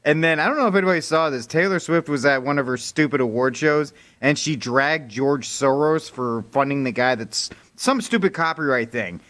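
A man's voice: on the high side, normal speed, few pauses, fairly bright tone. Wry, casual radio news co-host, a man. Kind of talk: talk radio news segment.

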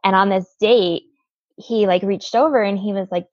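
A woman's voice: mid-range voice, normal speed, dry recording, muffled recording. A woman guest telling a personal story in an interview, earnest, with lots of "like" fillers.

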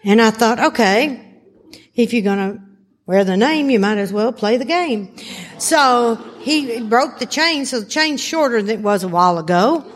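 High-voiced woman telling a story in a hall. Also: moderate pace. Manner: animated, laughing storyteller. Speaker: recovery workshop speaker. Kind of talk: storytelling talk to a live audience. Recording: hall reverb, faint noise.

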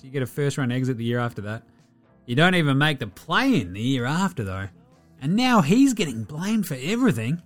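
An Australian man hosting a basketball podcast, reeling off numbers with jokes and the odd swear word. His pitch swings around a lot as he talks, with faint music underneath. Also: big pitch swings, fairly quick. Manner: jokey, sweary, rattling off stats. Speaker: podcast host. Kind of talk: casual sports podcast chat.

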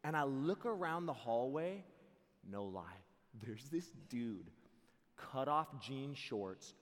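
A young man preaching at a camp, telling comic stories in an animated way full of "like" and "dude.". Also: mid-range voice, takes it slowly, big-room sound. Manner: animated, joking, lots of "like" and "dude". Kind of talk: comic storytelling sermon.

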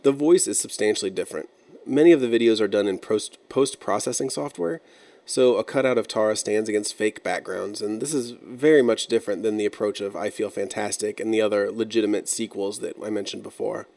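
A man narrating an internet-mystery video in a measured, explanatory and slightly wry way. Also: on the low side, gravelly, darkish tone. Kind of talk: scripted narration.

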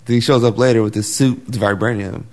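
A man chatting casually about a superhero film, getting excited and acting out scenes with sudden high bursts. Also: fast talker.

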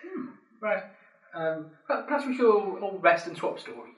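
A man's voice: sits high, sing-song, moderate pace, very noisy. A man playing a tabletop game, hesitant and polite, with frequent stammers. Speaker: player. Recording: echoey room, far mic.

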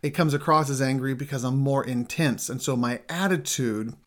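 A man's voice: mid-range voice, moderate pace, fairly bright tone. A middle-aged man co-hosting a marriage show, explaining communication habits in an earnest, emphatic way. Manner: earnest, emphatic, builds intensity in lists. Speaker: co-host, marriage coach. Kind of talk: casual teaching chat.

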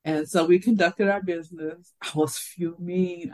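This older woman, a podcast co-host in a casual conversation, speaks unhurriedly at a fairly low pitch. She's an animated storyteller describing her working life and acting out the people involved. Rough recording.

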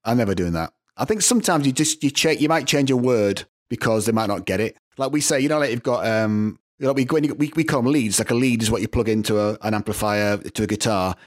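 A middle-aged man with a Northern English accent, telling animated stories with frequent laughs as a guest in a casual interview. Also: fairly low pitch, fast talker, few pauses. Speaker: guest composer.

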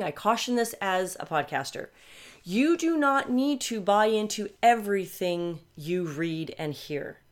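Reflective woman podcaster in her fifties. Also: mid-range voice. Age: 50s. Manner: candid, reflective, frequent self-corrections. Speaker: podcaster and coach. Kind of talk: personal podcast monologue.

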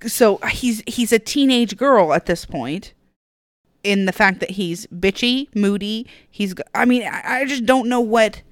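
A woman's voice: medium pitch, a little slow, no echo, studio quality. A woman co-hosting a casual podcast, speaking earnestly and firmly, with frequent restarts. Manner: earnest, firm, lots of restarts. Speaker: podcast co-host, parent. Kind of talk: casual chat.

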